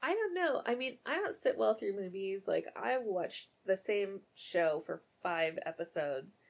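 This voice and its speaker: A woman's voice: mid-range voice, animated, measured pace, creaky. A woman co-hosting a podcast, commenting bluntly on a film in casual chat, swearing and laughing a lot. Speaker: podcast co-host.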